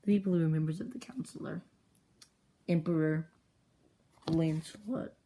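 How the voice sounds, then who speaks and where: A woman's voice: deep voice, moderate pace, mellow, slight background noise, rough recording. A woman casually narrating her own comic into an iPad, rambling and chatty, poking fun at herself. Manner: rambling, chatty, self-mocking. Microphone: iPad with pop socket.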